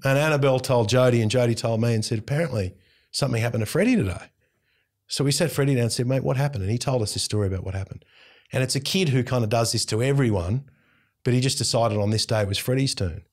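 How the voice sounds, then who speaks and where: A middle-aged Australian man, a radio host, telling a family story in casual conversation, animated and intense, acting out bits of dialogue. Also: medium pitch. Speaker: radio host, interview guest.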